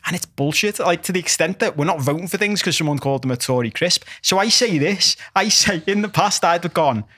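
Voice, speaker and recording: A young man co-hosts a relaxed podcast chat, his voice sitting a touch high for a man. He swears freely and works himself into animated, tongue-in-cheek speeches. The recording is close and dry, with no room sound around him. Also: a little fast, dry recording. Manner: animated, mock-rousing rants with swearing. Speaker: podcast co-host.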